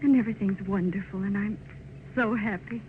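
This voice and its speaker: An actress in 1930s radio drama playing a young newlywed wife, loving and wistful, with an emotional delivery. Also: female voice, mid-range voice, a little fast, slight background noise, close to an everyday voice. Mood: giddy. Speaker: lead actress. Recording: tinny 1930s radio broadcast with music.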